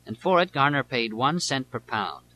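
A man reading nonfiction aloud as an audiobook narrator, in a measured, deliberate way. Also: mid-range voice, expressive, sharp tone, slight background noise, low-quality recording.

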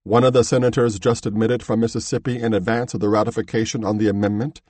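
A man narrating a history audiobook in a measured, steady reading voice. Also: fairly low pitch, dry recording.

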